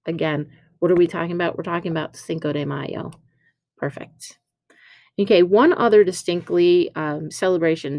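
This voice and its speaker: Chatty woman teacher, low voice, dry sound. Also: dry recording. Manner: chatty, explaining with fillers and self-corrections. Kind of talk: recorded classroom lesson over slides.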